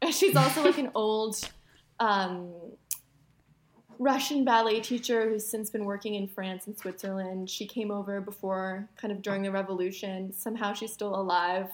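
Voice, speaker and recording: A woman in her twenties co-hosting a podcast, chatting excitably with quick exclamations. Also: medium pitch, a little hiss or hum. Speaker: podcast co-host. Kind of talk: casual chat.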